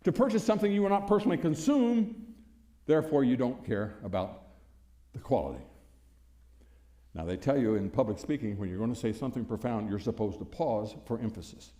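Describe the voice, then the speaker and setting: A man's voice: medium pitch, animated, a little fast, warm tone. An older American man, a former congressman, giving a folksy speech to an audience, full of anecdotes, chuckles and punchy rhetorical questions. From United States. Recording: echoey hall.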